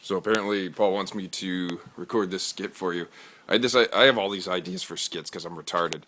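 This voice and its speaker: A man casually pitching a skit idea, rambling and stumbling over his words with crude language. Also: fairly even intonation, brisk, a bit bright.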